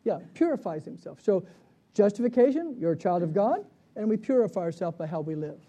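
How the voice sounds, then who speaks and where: A man's voice: high voice, big pitch swings, a little fast, mellow. A man, a pastor, leading a conversational Bible study, often checking in with the class with questions.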